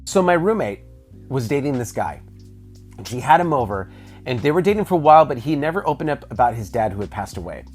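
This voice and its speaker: A man telling a creepy personal story in a casual, animated way, with some swearing. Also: medium pitch, fast, faint music behind.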